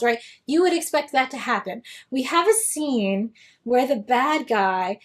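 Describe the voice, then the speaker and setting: A woman talks through her thoughts in a casual, chatty commentary with a somewhat high voice. Her delivery is sarcastic and lively, like she's poking holes in something she's just watched. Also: unhurried. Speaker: video essayist.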